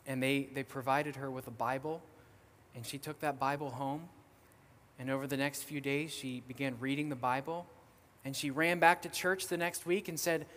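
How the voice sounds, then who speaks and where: A young man speaks as a missionary guest preacher, telling a story in a casual, lively way full of little fillers. His voice sits a bit high for a man. It rings out with the long reverb of a church hall. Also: brisk. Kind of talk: storytelling sermon. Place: church sanctuary.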